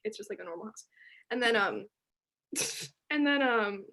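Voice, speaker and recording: A teenage girl telling a story as a podcast guest, chatty and animated, full of fillers. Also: medium pitch, unhurried. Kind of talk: casual chat.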